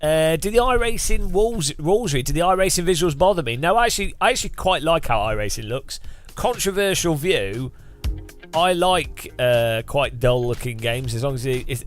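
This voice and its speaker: A British streamer chatting casually while sim racing, rambling and joking with lots of restarts. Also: male voice, on the high side. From United Kingdom. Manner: rambling and jokey, with frequent restarts.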